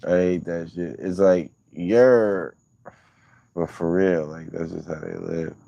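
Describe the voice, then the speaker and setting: A man's voice: deep voice, little pitch movement, normal speed, vocal fry, dark tone, dry recording, lo-fi sound. A man hosting a livestream, chatting casually with viewers in loose, profane, rambling banter. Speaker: livestream host.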